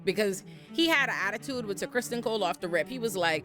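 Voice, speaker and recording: A woman's voice: mid-range voice, fast, soft background music. Sassy, profane woman recapping a show. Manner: animated, sassy and profane, with lots of asides. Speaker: recap host. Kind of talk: casual commentary recap.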